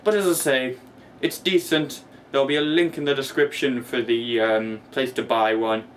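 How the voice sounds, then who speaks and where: A man's voice: mid-range voice, steady tone, moderate pace, slight background noise, natural voice. A man playing a bumbling, boastful pirate captain who reviews a gadget in a weak put-on pirate accent, rambling, with stray growls and self-mocking asides, recorded in his own room on a camera mic. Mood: bluff. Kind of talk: in-character product review.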